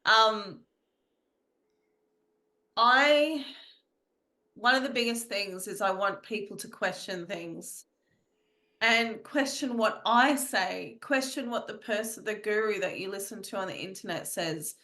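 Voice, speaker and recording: A woman's voice: medium pitch, unhurried, bright, forceful tone. A woman guest in an interview, speaking earnestly about her spiritual teachings and often repeating phrases. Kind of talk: reflective conversational interview.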